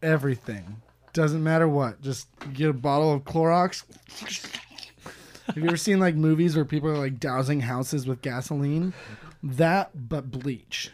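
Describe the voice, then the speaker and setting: Playful, laughing American podcast guest. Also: male voice, a little high, normal speed, darkish tone. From United States. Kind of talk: casual podcast chat.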